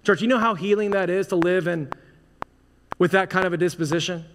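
A man's voice: high voice, brisk. A man preaching a sermon as pastor, in a casual, conversational way full of "like" and restarts. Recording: long hall reverb, faint noise.

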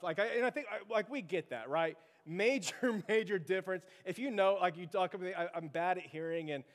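Brief: chatty male pastor, self-deprecating storyteller, slightly high voice, long church-hall reverb. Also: fairly bright tone. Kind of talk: sermon with casual storytelling.

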